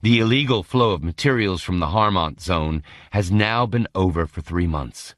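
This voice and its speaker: A man narrating an audiobook with an expressive, dramatic reading. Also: low-pitched, normal speed, dry recording, studio quality.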